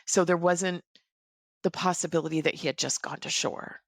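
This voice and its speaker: A woman in her forties, a podcast guest, recounting a personal story in a measured, reflective way. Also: on the low side, fairly even intonation, gravelly, no room sound.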